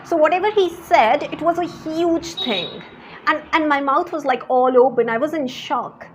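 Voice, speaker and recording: Earnest high-voiced woman sharing faith. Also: moderate pace, slight background noise. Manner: earnest, repeats words while searching for them. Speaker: faith vlogger. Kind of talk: personal faith testimony.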